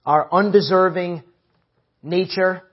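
A man's voice: high-pitched, fairly even intonation, slow, highs cut off. A man preaching a sermon, emphatic, repeating phrases and calling out to the church.

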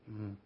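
A male preacher delivers an earnest, emphatic sermon, leaning on rhetorical questions. He slows right down to stress the verses he reads. The recording sounds a little dull and lo-fi, as if taped in church.

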